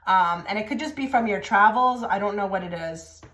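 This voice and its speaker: A woman's voice: medium pitch, a little fast, a bit bright. Woman doing a casual tarot reading, blunt and to the point, lots of likes, mid voice, roomy echo. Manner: direct and blunt, many filler likes. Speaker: tarot reader. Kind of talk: casual pick-a-card reading to camera. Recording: echoey room.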